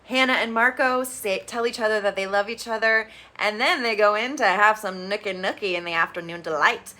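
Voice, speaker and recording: A woman's voice: mid-range voice, brisk, sharp tone. A woman giving a casual, blunt and sarcastic recap of a reality show, often mimicking the people she talks about.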